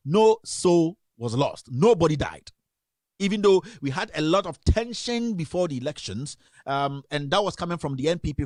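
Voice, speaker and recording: A man's voice: fairly high pitch, dry recording. Give me an emphatic male radio host with a dry studio sound. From Ghana. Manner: emphatic, repeats rhetorical questions. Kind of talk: radio editorial commentary.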